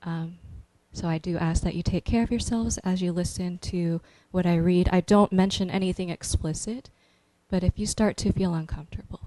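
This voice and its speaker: A young woman poet at a reading, chatting playfully between slow, deliberate recitations. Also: on the low side, fairly even intonation, dark tone, no room sound, rough recording. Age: young adult. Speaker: poet reading her work. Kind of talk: poetry reading with chatty asides.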